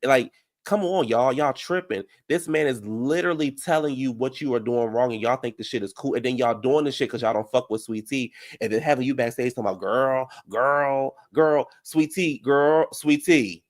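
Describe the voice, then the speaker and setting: A man giving brash, profane reality TV recap commentary, heated and animated. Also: medium pitch, a little fast.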